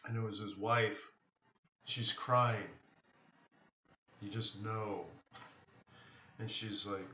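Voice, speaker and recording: A man's voice: fairly low pitch, steady tone, extremely slow, pauses often, pushed and bright, echoey room. Man talking casually on a distant, dull-sounding mic. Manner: rambling, answers chat questions, many restarts. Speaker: live trading stream host. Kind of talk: casual live-stream chat.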